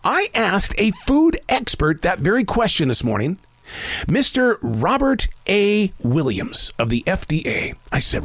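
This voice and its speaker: A man's voice: high voice, huge pitch swings, measured pace, a bit bright, no room sound. A man in his fifties hosting his own podcast. He talks in a rambling, self-reflective way with frequent stammered restarts. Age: 50s. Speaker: podcast host. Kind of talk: casual solo podcast monologue.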